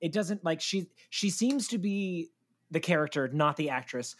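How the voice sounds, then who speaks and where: A woman guest on a podcast, with a notably low-pitched voice. She talks in an animated way and slips into mocking character voices to make a point. The conversation is casual. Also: moderate pace. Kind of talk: casual chat.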